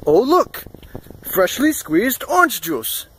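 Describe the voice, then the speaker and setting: An over-welcoming rug dealer, voiced by a man retelling a story, fusses warmly over his guests. The put-on voice is high and bright, with a smooth, insistent sales pitch. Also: very animated, slow pace, a little hiss or hum, exaggerated voice. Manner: effusive, overly welcoming. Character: large bearded male rug dealer, effusive, smooth-talking.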